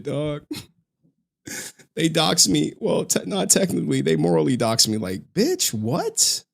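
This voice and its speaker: A man's voice: fairly high pitch, creaky. A male streamer in a casual, profane rant to his viewers, slangy and often laughing.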